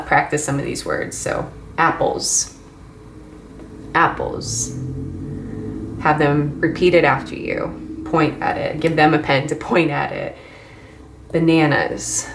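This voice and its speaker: Woman, low-pitched, casual instructor, chatty with ums, echoey room. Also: a little hiss or hum. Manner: relaxed and chatty, many ums, light laughs. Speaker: English mentoring trainer. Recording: echoey room, faint ambience.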